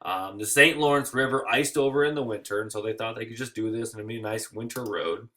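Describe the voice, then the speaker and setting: A tired man teaching history in a recorded slideshow lecture, joking and acting out quick little voices. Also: fairly low pitch, bright, forceful tone.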